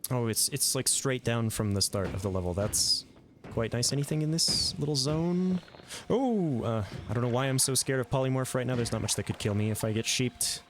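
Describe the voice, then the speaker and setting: A man giving live gameplay commentary, thinking aloud in a relaxed way with some mild swearing. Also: medium pitch, moderate pace, background noise. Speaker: game streamer.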